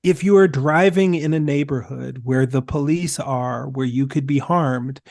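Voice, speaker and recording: Guy on a podcast, kinda gravelly, gets really animated making his point. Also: mid-range voice, measured pace, no echo, clean studio sound. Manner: emphatic, animated storytelling. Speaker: podcast guest. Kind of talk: conversational discussion.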